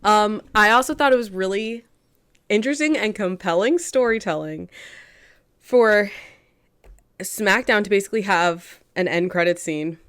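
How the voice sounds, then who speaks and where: A woman co-hosting a podcast in casual chat, animated, laughing often and swearing freely. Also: mid-range voice, unhurried, clear, resonant tone. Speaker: podcast co-host.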